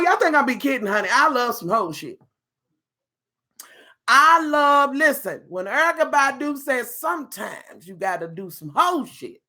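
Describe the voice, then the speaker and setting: A woman's voice: medium pitch, a bit bright. Sassy, bawdy woman live-streaming. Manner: sassy, bawdy, laughing asides to viewers. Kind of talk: casual live-stream chat.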